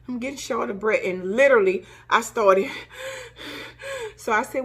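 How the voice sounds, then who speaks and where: A woman's voice: medium pitch, animated, normal speed, fairly bright tone, husky. A middle-aged woman tells a personal story to camera, emotional, acting out gasps and cries as she recalls them. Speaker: vlogger.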